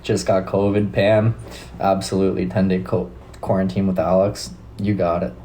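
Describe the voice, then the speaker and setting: A young man with a Canadian accent talks loosely to his stream audience, relaxed and swearing now and then. His voice sits deep and dark in tone. A faint hiss of noise runs underneath. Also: normal speed, poor audio. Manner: laid-back, swears casually, chats with viewers. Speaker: livestream host. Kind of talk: casual live-stream chat with viewers.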